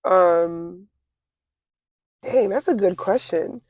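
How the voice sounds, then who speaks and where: A young woman in her twenties, an interview guest speaking casually and reflectively, pausing often with fillers and restarts. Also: on the low side, a little mellow, no room sound. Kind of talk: casual conversation.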